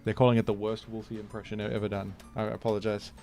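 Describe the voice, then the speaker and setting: With soft music underneath, this young man talks fast in a lowish, creaky voice that barely moves in pitch. He's casually joking and rambling on a live game stream, letting out loud exclamations when caught off guard.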